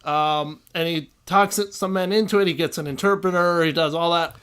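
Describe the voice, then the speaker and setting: Higher-voiced man recapping a movie. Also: moderate pace, hardly any pauses, clear, resonant tone. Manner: relaxed, retells plot with fillers. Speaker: podcast co-host. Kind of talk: casual film discussion.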